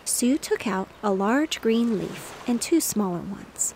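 A woman narrating a bedtime story in a gentle, steady reading voice. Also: medium pitch, slow pace, a little hiss or hum. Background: faint waves.

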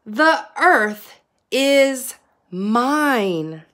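Rupert, a bossy shouting frog, read by a woman. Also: a little high, very animated, very slow, full character voice. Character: quarrelsome small male frog, bossy.

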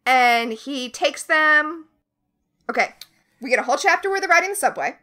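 A woman's voice: high-pitched, lively intonation, moderate pace, sharp tone. A woman co-hosting a podcast, chatting casually through a book recap with sarcastic, swearing asides. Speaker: podcast co-host. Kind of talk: casual book-club chat.

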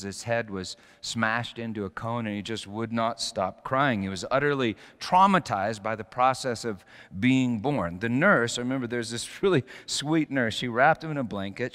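A man's voice: mid-range voice, long reverb tail. Man preaching with dramatic swings. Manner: storytelling with sudden loud bursts and quiet drops. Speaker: pastor. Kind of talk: sermon.

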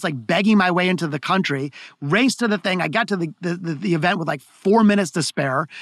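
A man telling stories as an interview guest, talking in excited bursts with frequent restarts and repeated words. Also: high voice, no room sound, studio quality. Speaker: guest, keynote speaker. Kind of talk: conversational interview storytelling.

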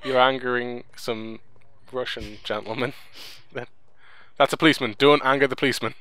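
A man's voice: medium pitch, fairly even intonation, moderate pace, bright, forceful tone, no room sound. A man commenting as a friend plays a video game, dry and teasing. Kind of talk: casual let's-play chat.

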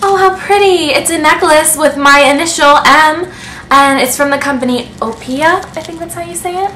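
A woman in a casual beauty vlog, unboxing gifts to camera and gushing with excitement. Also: high voice, normal speed, slight background noise. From United States. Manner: gushing, excitable, breathless with delight. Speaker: beauty vlogger. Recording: echoey room.

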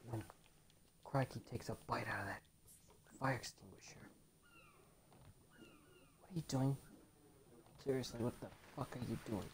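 A man's voice: medium pitch, moderate pace, long pauses, slight background noise. A man giving casual let's play commentary, swearing a lot at the game and dropping into muttered, half-whispered asides.

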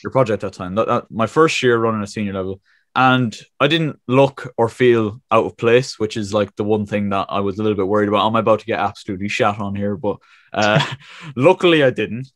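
A young man in his early twenties, talking casually with his co-host. His voice sits slightly low and sounds dry and close, with no room around it. He is easygoing, drops the odd swear word and laughs readily. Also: fairly quick, no room sound. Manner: laid-back, swears freely, laughs often. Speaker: podcast co-host. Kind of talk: casual podcast chat.

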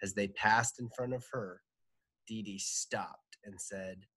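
A man, a teacher, reading a children's storybook aloud in a playful, animated way. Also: lowish voice, slow, husky, no echo.

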